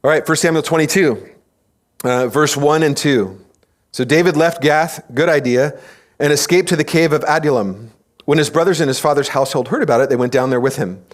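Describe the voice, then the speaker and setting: A man preaching a teaching sermon in a church, telling stories in an animated way, acting out quoted voices and asking the congregation questions. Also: on the high side, a little fast. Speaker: pastor.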